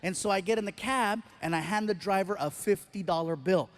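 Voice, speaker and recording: A man doing stand-up before a live audience, telling an animated story and acting out the scenes. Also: high voice, brisk. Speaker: stand-up comedian. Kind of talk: stand-up routine.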